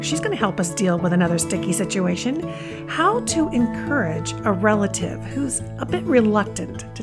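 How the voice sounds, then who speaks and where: A woman hosting a podcast, announcing the episode in a clear, upbeat way and reading a listener's letter aloud. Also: mid-range voice. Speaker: podcast host.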